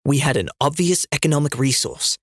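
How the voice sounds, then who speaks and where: A man's voice: fairly high pitch, fairly quick, fairly bright tone, no room sound, clean studio sound. A man reading the lines of an earnest male spiritual guide under strain in an audiobook, trying to sound reasonable.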